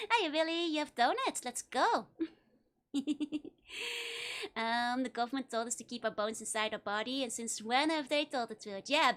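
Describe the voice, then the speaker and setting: A woman's voice: high-pitched, a bit bright. A woman with a Dutch accent chatting playfully with her livestream viewers, giggling often between lines. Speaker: virtual streamer. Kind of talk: casual livestream chat with viewers.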